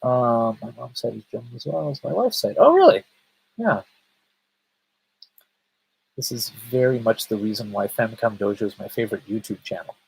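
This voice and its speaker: Man streamer, husky voice, rambling, stammers and restarts, chatty. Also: mid-range voice, moderate pace, long pauses, darkish tone, poor audio. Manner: chats with viewers, reading their comments. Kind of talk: casual livestream chat.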